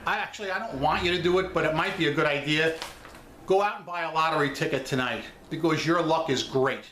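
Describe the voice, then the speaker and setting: This online seller vlogger has a New York accent and a fairly bright, high-leaning voice, and he talks fast. Speaking straight to his viewers in casual chat, he's blunt and emphatic about selling online. The room echoes and there's slight background noise.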